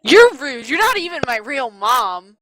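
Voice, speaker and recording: Brief: sulky teenage girl, woman voicing, snippy and sharp-toned, dry recording. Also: medium pitch, a little fast, no room sound, close to an everyday voice. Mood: defiant. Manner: snippy, sarcastic. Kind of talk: voicing a tabletop game character.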